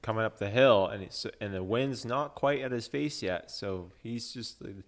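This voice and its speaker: A man's voice: lowish voice, normal speed. A man in casual chat who chimes in with short agreements and comments.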